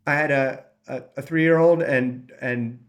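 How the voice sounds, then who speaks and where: A man who hosts a recovery channel speaks earnestly about his path out of addiction, using a mid-range voice with fairly even intonation at a measured pace. He rambles and restarts often, acting out his own thoughts in different voices.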